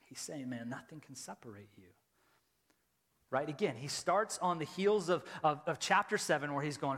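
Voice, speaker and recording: A man preaching a sermon as a pastor, moving between hushed, intimate storytelling and loud, impassioned appeals, repeating lines for emphasis. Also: on the high side, measured pace. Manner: repetitive, rhetorical emphasis. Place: church sanctuary. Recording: long reverb of a large church hall.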